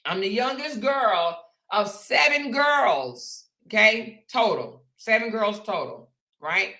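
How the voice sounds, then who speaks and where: A woman tells a long personal story to her viewers in a bright, clear voice. She is animated and chatty, and keeps calling her listeners "y'all" and "honey". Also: mid-range voice, takes it slowly. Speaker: show host.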